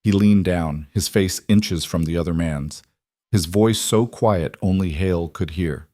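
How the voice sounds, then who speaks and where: A man narrates a western story in a calm, even storytelling voice. His voice is low. The sound is close and dry, with no room around it. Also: unhurried, no room sound. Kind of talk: scripted narration.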